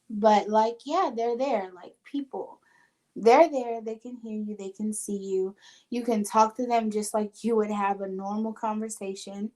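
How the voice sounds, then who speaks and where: A woman talks in a casual podcast chat, an earnest spiritual medium with a mid-pitched voice. She tells her stories with feeling, slipping into the voices of the people she quotes. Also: steady tone, unhurried, dark tone. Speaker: spiritual medium and show host.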